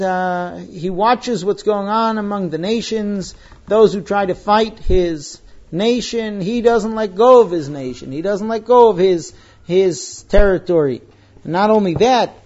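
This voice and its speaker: A man reading a religious story aloud while translating it on the fly, halting with pauses and restarts. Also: sits high, a little mellow. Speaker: reader translating a religious text. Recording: dull lo-fi recording.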